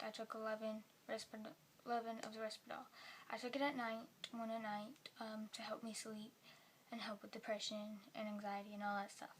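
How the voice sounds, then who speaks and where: A woman talking in a personal vlog at home, rambling softly and sometimes dropping into a whisper. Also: fairly high pitch, slight background noise. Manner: soft-spoken, rambling, drops into whispers. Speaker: vlogger.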